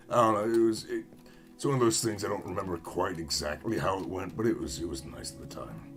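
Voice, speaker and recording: A man's voice: sits low, normal speed, a bit bright, faint music behind. A young American man chatting casually with viewers while playing a game, rambling and self-mocking. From United States. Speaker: gaming streamer.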